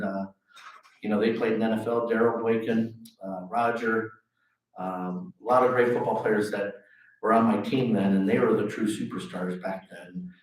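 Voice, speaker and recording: A middle-aged man, a golf pro, giving a self-deprecating storytelling speech at a luncheon. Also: medium pitch. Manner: anecdotal, self-deprecating, animated quotes. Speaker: golf pro, guest speaker. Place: luncheon hall. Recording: echoey hall, voice from far off.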